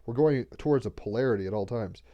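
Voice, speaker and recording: A man's voice: medium pitch, fast, muffled recording. A man giving a casual spiritual card reading on a livestream, talking loosely and rambling with slang and restarts. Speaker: tarot card reader and podcast host.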